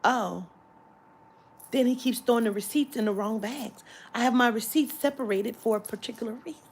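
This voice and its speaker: A woman vlogger telling a story in an animated, profane, exasperated way, filmed on a phone in a shopping area. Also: fairly high pitch, moderate pace, a little hiss or hum. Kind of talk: storytime vlog.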